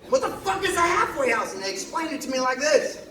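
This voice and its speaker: A man's voice: very high-pitched, fast, a little hiss or hum. Profane man telling a story on stage. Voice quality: profane, animated, self-mocking. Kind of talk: live storytelling monologue. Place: concert hall stage. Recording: echoey live hall, distant mic, crowd.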